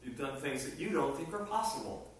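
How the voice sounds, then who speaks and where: A man preaching a sermon, animated and rising to emphatic bursts. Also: a little high, a little fast. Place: meeting hall. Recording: echoey room from far off with faint noise.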